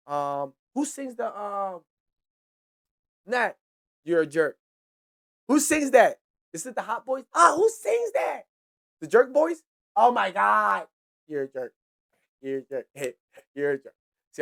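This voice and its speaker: A man's voice: high-pitched, a bit bright. A man hosting a hip-hop podcast who talks casually and profanely, gives heated opinions and often trails off and restarts his sentences. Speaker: podcast host.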